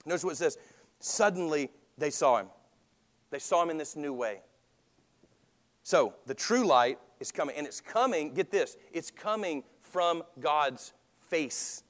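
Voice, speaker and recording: A man's voice: a little high, expressive, a little slow, long reverb tail. A man preaching a sermon as pastor, talking conversationally and asking the congregation questions.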